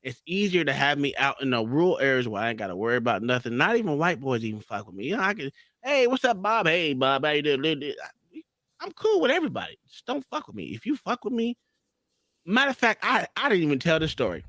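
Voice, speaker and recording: A man's voice: a little high, wildly swooping pitch, quick pace, fairly bright tone, no echo, clean studio sound. A man on a podcast, casually telling a story in a profane way and acting out heated quotes. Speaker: podcast co-host.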